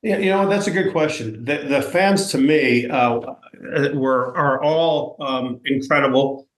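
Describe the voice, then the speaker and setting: A man's voice: medium pitch, a little slow. A man from New York with a New York accent, telling stories as a guest in a casual interview, rambling and self-deprecating with many fillers and restarts. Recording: echoey room.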